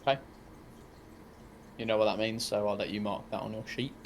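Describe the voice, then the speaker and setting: A man narrating a tabletop game as game master, relaxed and often pausing with ums. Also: lowish voice, slight background noise.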